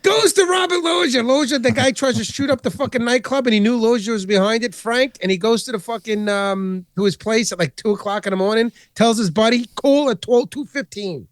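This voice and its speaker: A man's voice: sits high, brisk, few pauses, no room sound, studio quality. A man co-hosting a podcast, chatting casually about movies and retelling scenes with lots of swearing and energy. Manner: profane, animated retelling of scenes. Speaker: podcast co-host.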